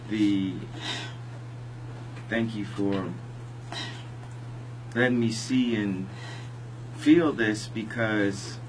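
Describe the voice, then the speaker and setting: A man being interviewed on the radio, talking in a halting, rambling way full of restarts. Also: fairly low pitch, background noise. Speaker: interview guest. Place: radio studio.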